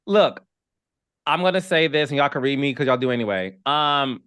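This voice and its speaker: A man from the American Midwest hosting an interview podcast, emphatic and animated, repeating words as he presses his points in casual chat. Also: mid-range voice, moderate pace, clean tone, no echo, studio quality. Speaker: podcast host.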